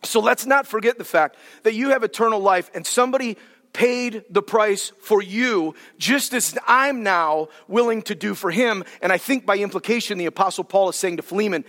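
A male pastor preaching a sermon in a church hall, animated and colloquial as he explains Scripture. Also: sits high, moderate pace. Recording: hall with long reverb.

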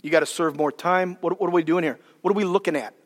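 A preacher putting on a slangy, bro-type guy who keeps asking questions. The voice is pitched a bit below the preacher's own and lingers in a hall's long reverb. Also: fast talker. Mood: puzzled. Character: casual bro-ish man, puzzled acquaintance.

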